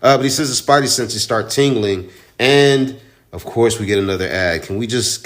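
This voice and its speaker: A man's voice: on the low side, normal speed, a bit bright. A man who owns a comic shop, casually recapping a comic book in a rambling, profane, chatty way. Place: own store in Houston.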